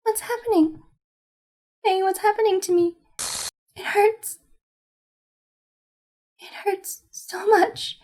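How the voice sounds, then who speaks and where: A woman voicing a sweet, intense teenage girl who is a club president, reading game dialogue softly and affectionately. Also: very high voice, fairly even intonation, slow pace, pauses often, slight background noise. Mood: desperate. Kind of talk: reading visual novel lines aloud.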